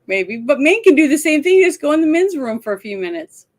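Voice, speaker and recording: A woman with a slightly high voice chats casually as co-host, retelling funny film scenes. She laughs often and gets animated. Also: brisk, a crowd in the background. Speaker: podcast co-host. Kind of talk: casual chat about a film.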